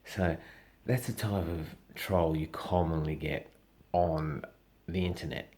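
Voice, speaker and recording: Man, Australian accent, very low pitch, blunt, profane, casual monologue. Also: fairly even intonation, takes it slowly, darkish tone. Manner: blunt, profane, acts out quoted voices. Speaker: social media personality.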